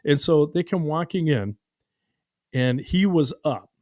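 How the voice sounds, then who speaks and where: A man's voice: on the high side, a little slow, no echo, studio quality. A man hosting a podcast who tells stories casually, acting out dialogue and using lots of fillers. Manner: animated, acts out dialogue, many fillers. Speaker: podcast host. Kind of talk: casual storytelling.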